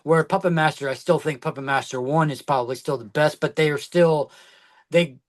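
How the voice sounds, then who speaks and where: A man's voice: a little high, a little fast. A man co-hosting a podcast, talking in casual chat that rambles with many fillers and restarts. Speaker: podcast co-host.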